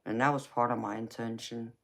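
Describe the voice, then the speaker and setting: Southern-accented woman, flat even delivery. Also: a bass voice, brisk, gravelly. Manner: affectionate, calls viewers baby. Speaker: tarot reader and livestream host. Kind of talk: casual live chat with viewers.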